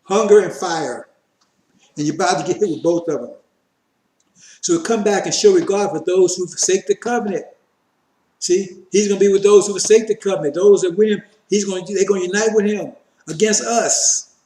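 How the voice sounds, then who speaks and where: Male street preacher with a high, mellow voice who hammers points through repetition; roomy echo. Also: normal speed. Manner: repetitive, emphatic, addresses listeners as brothers. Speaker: preacher teaching scripture. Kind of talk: fiery street-style sermon.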